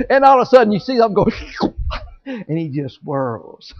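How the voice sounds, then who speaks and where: A man preaching a sermon as a story, animated and folksy, acting out scenes with sound effects. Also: very high-pitched, unhurried, pauses often. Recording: echoey hall, dull sound.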